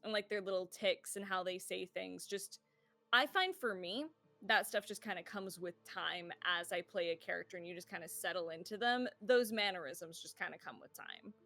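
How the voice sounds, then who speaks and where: Chatty woman with a bright voice. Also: on the low side, moderate pace, no echo, soft background music. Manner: chatty, laughing, many fillers. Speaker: player of a tabletop game. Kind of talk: casual chat about character voices.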